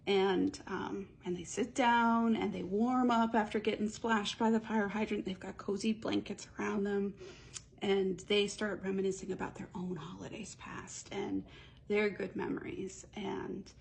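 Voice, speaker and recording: A woman's voice: medium pitch, flat delivery, a little slow, creaky, a little hiss or hum. A woman casually telling a story in a rambling, chatty way, stringing events together with run-on phrases. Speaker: storyteller pitching a movie idea.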